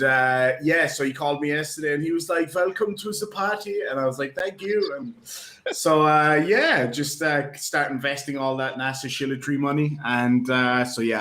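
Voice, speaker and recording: A man's voice: mid-range voice, sharp tone. A man in casual live-stream chat, rambling and joking with lots of ums and uhs. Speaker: guest. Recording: roomy echo.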